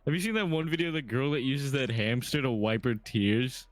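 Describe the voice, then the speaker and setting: A man's voice: medium pitch, faint music behind. A young man co-hosting a casual podcast, teasing his friend and jumping in to interject. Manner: teasing, quick to laugh and interject. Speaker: podcast co-host. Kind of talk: casual chat.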